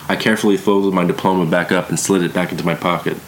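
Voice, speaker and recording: A man narrating a first-person story in a calm, plain way. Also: deep voice, fast, hardly any pauses, a little hiss or hum.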